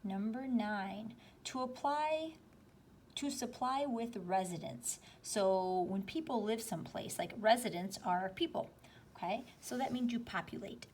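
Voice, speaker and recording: A woman's voice: a little high, a little mellow, slight background noise. Patient woman teaching a spelling lesson. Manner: slow, patient, explaining step by step.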